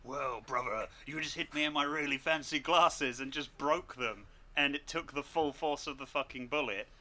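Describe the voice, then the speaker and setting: A brash, boastful macho wrestler, put on by a man in a casual chat with a bright, forceful edge. He talks in a loud, swaggering rush of bravado. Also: medium pitch, moderate pace, natural voice.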